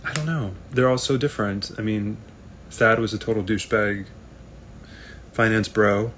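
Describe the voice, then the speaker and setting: A man, an actor, chatting casually on a live video stream, reading fan comments aloud and answering them in a relaxed, rambling way. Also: on the low side, moderate pace, slight background noise.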